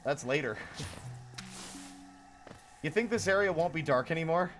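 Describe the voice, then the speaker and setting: Guy streaming a game, rambly chat, slightly high and bouncy voice, faint music behind. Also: expressive, normal speed, a bit bright. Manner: rambling, chatty, many fillers. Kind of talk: casual live gameplay commentary.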